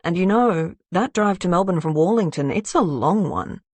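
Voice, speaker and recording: A woman reads a calm, menacing male crime boss in an audiobook, keeping her tone cool, measured, and quietly threatening. Her voice is high, with no room sound in the recording.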